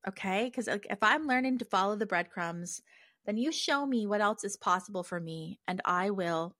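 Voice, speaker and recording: A woman's voice: mid-range voice, expressive, moderate pace, bright, forceful tone, no room sound, clean studio sound. A woman hosting her own podcast, talking casually on her own with lots of fillers and restarts. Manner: conversational, many fillers and restarts. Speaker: podcast host. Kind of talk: casual solo podcast monologue.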